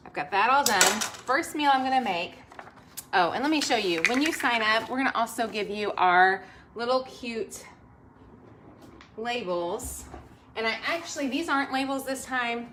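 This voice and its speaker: A woman's voice: medium pitch, background noise. A woman hosting a live cooking stream, chatting upbeat and straight to her viewers while she cooks in her home kitchen. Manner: upbeat, talks straight to viewers, reads out comments. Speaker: host of a cooking livestream.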